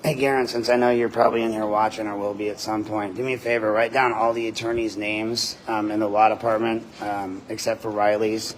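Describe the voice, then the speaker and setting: A man hosting a livestream from a body-worn camera, ranting in a loud, deep voice, combative and profane. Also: level tone, fairly quick, hardly any pauses, a little hiss or hum. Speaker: host, citizen journalist. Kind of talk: livestreamed rant. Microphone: body-worn camera mic.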